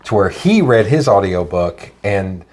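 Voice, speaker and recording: A man's voice: lowish voice, lively intonation, unhurried, darkish tone. A man co-hosting a podcast, chatting casually in a rambling, laid-back way. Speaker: podcast co-host. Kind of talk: casual chat.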